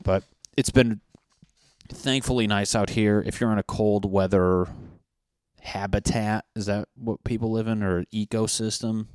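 A man's voice: lowish voice, clean tone, dry recording, clean studio sound. A man hosting a podcast, rambling through casual tangents with frequent swearing and jokes. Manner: profane, tangent-prone, jokey. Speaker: podcast host. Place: apartment in Los Angeles.

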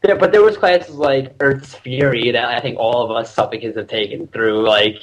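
Young male podcast guest, loose storyteller, swears and laughs, average pitch. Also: normal speed, dull audio, a little hiss or hum. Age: young adult. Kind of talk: casual chat.

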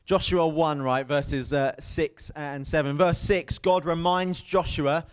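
A male preacher gives a sermon in a church. His voice sits a little high, and his storytelling is lively. He keeps checking in with the congregation. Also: slow pace, clean tone. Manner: lively storytelling, asks the crowd "right?". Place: church hall.

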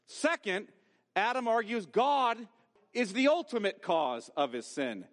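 A man's voice: high voice, big pitch swings, a little slow, fairly bright tone, long reverb tail. A man preaching a sermon as pastor, emphatic and given to rhetorical questions. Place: church sanctuary.

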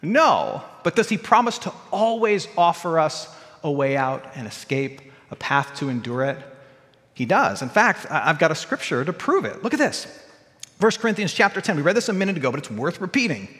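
A man preaching a sermon to his congregation, moving between loud emphatic lines and quiet low ones. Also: sing-song, normal speed. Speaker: pastor. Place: church sanctuary. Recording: church hall with long reverb.

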